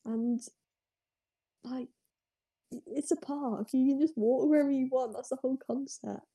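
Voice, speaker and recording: A woman's voice: sits high, measured pace, dark tone, breathy edge. A woman telling a story in casual chat, chatty and sarcastic, laughing often.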